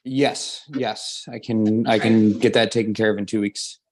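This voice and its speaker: A man's voice: lowish voice, steady tone, measured pace, a little mellow, slight background noise. Polite man answering a judge. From Wisconsin. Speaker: defendant.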